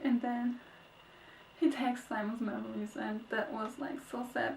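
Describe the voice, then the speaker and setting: A young woman reviewing a book in a casual vlog, gushing and excitable, swinging between squeals and sad murmurs. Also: a little hiss or hum. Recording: echoey, distant, low-quality webcam audio.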